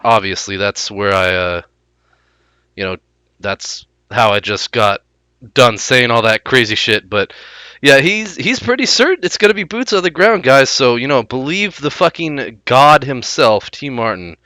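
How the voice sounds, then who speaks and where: A man's voice: medium pitch, lively intonation, a little slow, pushed and bright, no echo. A man hosting a gaming video in casual commentary, sarcastic and offhand about himself. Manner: sarcastic, offhand, self-deprecating.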